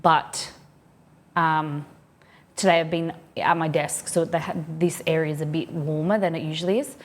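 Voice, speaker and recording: A chatty Australian woman with a slightly low voice talks casually to her viewers from her desk at home. She rambles and reads their messages aloud as she goes. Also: fairly even intonation, normal speed. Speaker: livestreamer.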